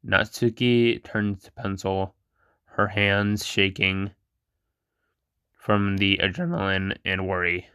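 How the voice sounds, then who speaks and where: Man host reading a chatbot role-play: slow, monotone, smooth voice. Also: sits low, no echo, studio quality. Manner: monotone reading with stumbles and blunt reactions. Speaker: channel host reading an AI chat.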